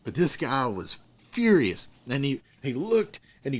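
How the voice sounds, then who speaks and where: With a mid-range voice and a measured pace, this middle-aged podcast host tells a story conversationally. He's an animated storyteller, acting out the quoted voices of the people in it.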